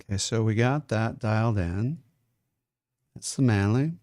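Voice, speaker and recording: A man's voice: fairly low pitch, measured pace. A man, a music producer, chatting casually and rambling as he masters a song live, swearing now and then. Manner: talks while chewing. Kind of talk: casual livestream talk while mastering.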